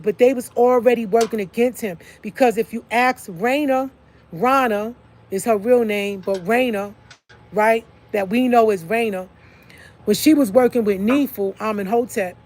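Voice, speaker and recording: A woman with a slightly high, slightly mellow voice speaks at normal speed in a casual monologue to viewers of her online video. She emphatically stresses her points, often asking "okay?" and repeating "like I said."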